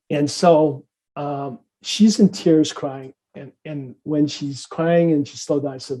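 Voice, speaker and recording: A man's voice: a little high, a little slow. A middle-aged man from the Midwest, a psychiatrist and interview guest, telling a story with acted-out dialogue. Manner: animated, acts out dialogue in different voices.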